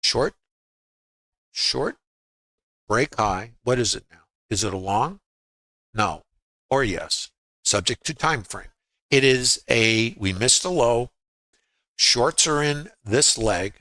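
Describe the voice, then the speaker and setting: Over his charts in a screen-share trading lesson, this man speaks in a sharp, mid-range voice with no room sound. Quizzing listeners, he rattles off quick rhetorical questions in clipped bursts.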